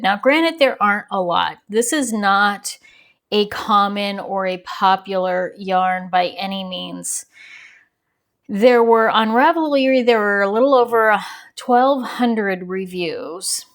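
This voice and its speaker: A woman talks through a yarn review at an easy, unhurried pace, in a voice that sits at an ordinary middle pitch. She is a crochet channel host who chats as she demonstrates, rambling and drifting into small tangents. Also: creaky. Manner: chatty and rambling, digresses with small laughs.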